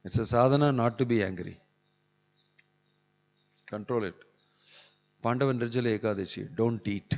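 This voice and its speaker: In a temple hall, a man teaches a scripture class as a conversational sermon, chuckling through his asides. His mid-range voice keeps a normal speed with long pauses, and the hall recording sounds dull and echoey.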